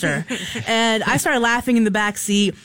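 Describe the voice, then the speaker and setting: Woman, radio co-host, animated storyteller, acts out voices, dry studio sound. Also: fairly high pitch, normal speed, dry recording. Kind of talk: casual on-air storytelling. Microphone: studio microphone.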